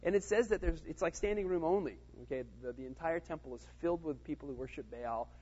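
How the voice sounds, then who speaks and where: Man, casual Bible study teacher, husky breathy voice, conversational with fillers, dull muffled recording. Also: fairly high pitch, fast, mellow. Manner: conversational, with many fillers and "right?" check-ins.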